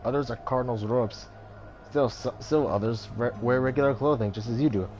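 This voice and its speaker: A man's voice: mid-range voice, fairly quick, a little mellow, lightly acted. A man voicing a mystic male warrior-turned-merchant in a put-on Indian accent, solemn and riddling, reading game dialogue over music. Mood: cryptic.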